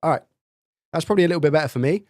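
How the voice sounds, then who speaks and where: A man's voice: on the high side, racing, darkish tone, no room sound. A man hosting a live stream in casual chat, thinking aloud and testing his microphone up close with repeated checks. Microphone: studio dynamic mic, close up.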